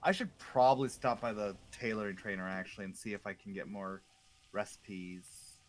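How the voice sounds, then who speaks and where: A man's voice: fairly low pitch, fast, a little hiss or hum. A man chatting casually with a friend while playing an online game, telling rambling stories full of fillers. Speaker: co-op gamer. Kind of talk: casual chat while gaming.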